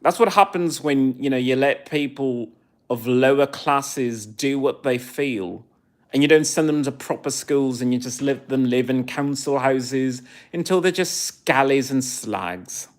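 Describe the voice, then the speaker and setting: A man in his forties with an English accent talks on a live stream, responding to chat comments in a snarky, haughty manner. His voice is medium-pitched and his pace measured.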